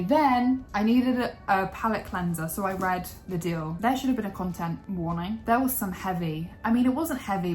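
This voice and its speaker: A casual woman vlogger talking through a book review at an ordinary mid pitch. She swears freely and slips into dramatic asides that act out her own reactions. Soft music plays faintly behind her. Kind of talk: casual reading wrap-up chat.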